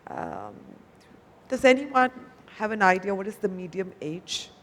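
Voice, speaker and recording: A woman with an Indian English accent addresses a conference crowd in a chatty keynote style. She quizzes the audience and tags her points with quick questions. Her mid-pitched voice rings with a long reverb off a big hall. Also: huge pitch swings. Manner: conversational, asks the audience questions, tags "no?" and "right?". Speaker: conference speaker, company executive.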